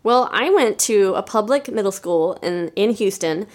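A woman podcast host telling a story in a casual, lively, emphatic way. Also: medium pitch, moderate pace.

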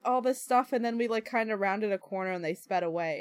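A woman's voice: medium pitch, fast, smooth, dry recording, clean studio sound. A young adult woman in casual chat, telling anecdotes frankly with many "like" fillers.

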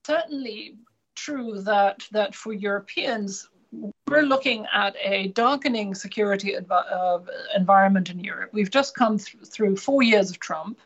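A woman from Germany, a native German speaker, answering as an interview guest in a measured, hesitant way with frequent fillers. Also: medium pitch, highs cut off. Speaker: guest analyst. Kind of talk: radio interview.

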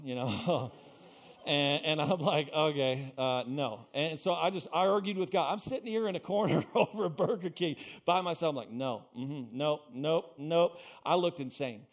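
A young adult man preaching a sermon as pastor, telling stories with loud bursts and quiet asides. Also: mid-range voice. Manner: animated storytelling, swinging between loud bursts and quiet asides.

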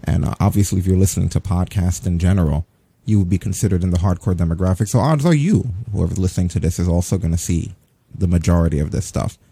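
Male podcast host, deep, gravelly, dark-toned, relaxed rambling chat. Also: fast, no echo.

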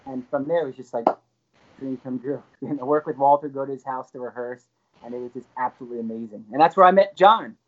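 A man guest on an interview, telling an excited anecdote with lively jumps in his voice. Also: quick pace, narrow, tinny audio, slight background noise. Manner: animated, excited storyteller with frequent pitch jumps. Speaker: guest actor. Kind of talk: casual anecdote storytelling.

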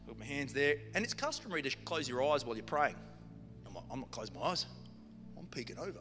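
A man's voice: mid-range voice, big pitch swings, fairly quick, pauses often, bright, forceful tone. A man preaching a sermon, telling a story in a humorous, conversational way. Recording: long hall reverb with music behind.

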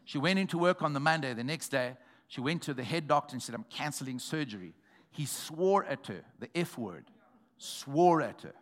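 A man preaching a sermon, telling a testimony in a storytelling way that builds to shouted exhortation. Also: fairly high pitch, lively intonation, normal speed.

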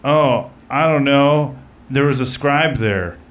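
A man's voice: mid-range voice, slow pace. A man hosting a comedy podcast in casual chat, rambling with lots of fillers and narrating an absurd roast story. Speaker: podcast host.

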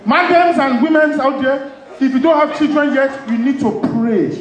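A woman performing live stand-up comedy, punchy and loud with a laughing crowd behind. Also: sits high, normal speed. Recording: echoey live room with crowd noise. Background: audience laughter.

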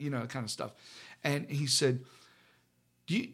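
A middle-aged man, a pastor, telling a personal story in casual conversation, halting with many fillers and restarts. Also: medium pitch, fairly even intonation, a bit bright, breathy edge.

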